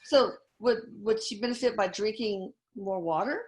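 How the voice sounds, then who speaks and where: Casual woman host reading viewer questions. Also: medium pitch. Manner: casual, quick asides, reacts eagerly. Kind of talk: live Q&A chat.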